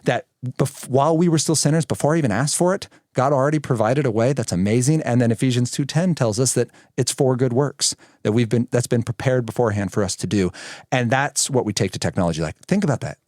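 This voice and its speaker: A man in his thirties, a podcast guest telling stories in a lively conversational way and acting out the voices he quotes. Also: mid-range voice, fast, no room sound, studio quality. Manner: animated, acts out quoted voices. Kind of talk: conversational storytelling.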